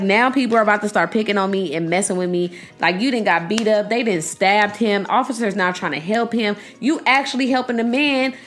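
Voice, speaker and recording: A young woman hosting a podcast, giving animated, outspoken commentary straight to her listeners. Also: medium pitch. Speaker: podcast host. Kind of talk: casual commentary to her audience.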